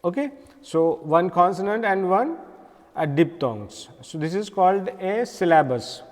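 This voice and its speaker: A man with an Indian accent teaching an English lesson, explaining slowly with many pauses and repeated words. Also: high voice, animated, long reverb tail. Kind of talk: classroom lecture.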